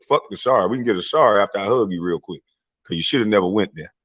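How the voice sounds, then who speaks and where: A man's voice: fairly low pitch, fast. Profane, confrontational man ranting to camera. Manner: profane, confrontational, swings into loud mocking voices. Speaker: live-stream talker. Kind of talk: heated rant to camera.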